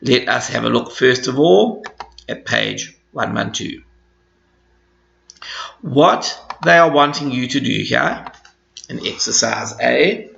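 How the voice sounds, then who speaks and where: A man teaching an English grammar lesson to students, explaining slowly and patiently with lots of repetition. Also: mid-range voice, gravelly, fairly bright tone. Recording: echoey room, dull lo-fi sound.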